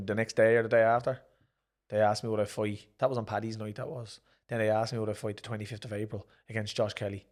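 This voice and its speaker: Irish man, middle-aged, low voice, gravelly, animated interview storytelling. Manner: animated, acts out quoted speech in raised voices. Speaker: guest, former professional boxer and promoter. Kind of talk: casual storytelling in a sit-down interview.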